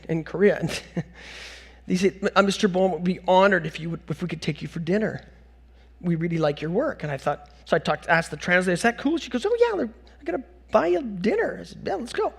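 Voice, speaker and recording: A middle-aged man from North America speaking as a conference speaker on stage, telling animated, self-mocking anecdotes with bursts of laughter. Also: high voice. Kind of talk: storytelling keynote talk.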